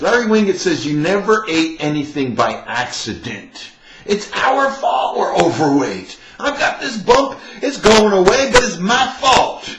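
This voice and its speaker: Man, motivational life coach, emphatic, swooping lively voice, roomy dull recording. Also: a little high, a little hiss or hum. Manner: emphatic, fired-up preaching tone. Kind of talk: motivational monologue.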